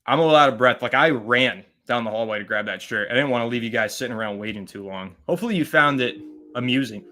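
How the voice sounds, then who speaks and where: Bright-voiced chatty man hosting a stream. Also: medium pitch, fast. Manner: chatty, rambling, shouts out viewers by name. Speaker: host of a fan live stream. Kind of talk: casual live-stream chat reading viewer comments.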